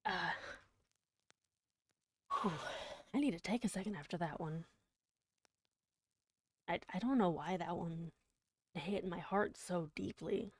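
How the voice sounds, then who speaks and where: A woman streamer chatting casually on a live reading stream, soft-spoken and emotional, halting as she talks and often slipping into a whisper. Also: lowish voice, slightly rough. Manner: halting, with many restarts and fillers.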